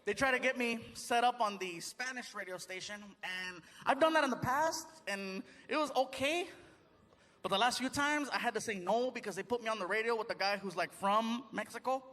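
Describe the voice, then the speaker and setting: A man performing a stand-up comedy set on a theater stage, chatty and animated with the crowd. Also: very high-pitched, normal speed, big-room sound. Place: theater stage before a live audience. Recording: live audience noise and crowd.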